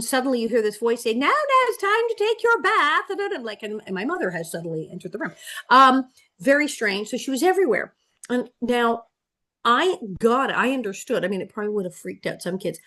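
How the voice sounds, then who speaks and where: Woman in her 60s, podcast guest, lively storyteller with frequent laughs. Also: a little high, fast talker. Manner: animated storyteller, laughing often. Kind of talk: casual interview storytelling.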